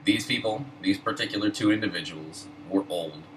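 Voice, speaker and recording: A man telling a story in a laid-back, profane, wry way while high. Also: normal speed. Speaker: host. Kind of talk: casual storytelling. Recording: distant mic, air-conditioner hum.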